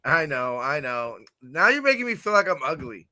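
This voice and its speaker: A man hosting a fan podcast in a casual livestream chat, excitable and giggly with lots of slang, on a computer camera mic. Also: fairly high pitch, normal speed, background noise.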